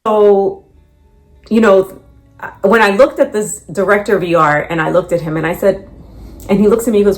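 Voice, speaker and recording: A middle-aged woman telling the story of her layoff, with lively quotes of what others said. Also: medium pitch, normal speed, faint music behind. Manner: animated, quotes others in dialogue. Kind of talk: storytelling in a reacted clip.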